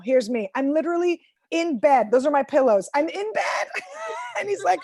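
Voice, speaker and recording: A woman in her forties performs stand-up from home over a video call, her voice sitting a little high. She mocks herself, acts out other people's lines and shouts her punchlines. The sound is close and dry, with no room around it. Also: very animated, moderate pace, dry recording. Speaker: stand-up comedian.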